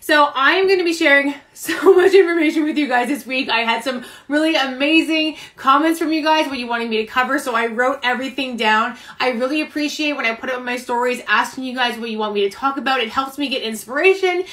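A woman's voice: sits high, a little fast, few pauses, a bit bright. A young woman chatting casually in a live video, bubbly and chatty, laughing often and a little out of breath. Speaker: vlogger. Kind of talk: casual live-stream chat. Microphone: phone camera.

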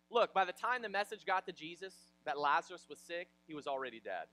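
A male pastor from Ohio, preaching a sermon in an animated, conversational way with personal stories. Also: a little high, brisk, few pauses, no echo, rough recording. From Ohio, USA.

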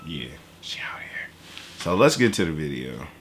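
A young man hosting a reaction video, talking in animated, profane, joking banter. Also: extremely low pitch, normal speed, a little hiss or hum. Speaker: YouTube reaction host. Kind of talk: casual reaction chat.

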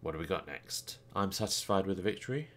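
A man's voice: low-pitched, lively intonation, fast, a bit bright, a little hiss or hum. A man giving casual, dry and self-mocking play-by-play commentary on a wrestling video game. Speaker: gaming streamer. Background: guitar game music.

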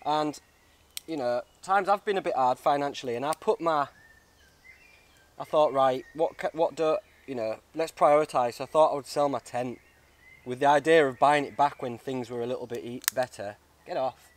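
A man's voice: mid-range voice, normal speed. Chatty man outdoors. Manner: chatty and heartfelt, says mate. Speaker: bushcraft vlogger. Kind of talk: casual outdoor vlog. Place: woods outdoors.

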